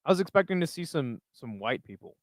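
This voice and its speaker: A man's voice: on the high side, big pitch swings, fast, dry recording. A young man hosting a live stream, chatting casually and reading viewer comments aloud in a loose, profane, rambling way. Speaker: livestream host reading chat.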